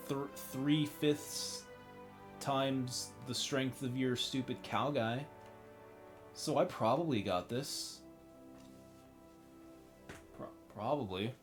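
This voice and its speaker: A man streaming a video game, making crude jokes and talking to himself and the characters. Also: medium pitch. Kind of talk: casual gameplay commentary. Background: faint game music.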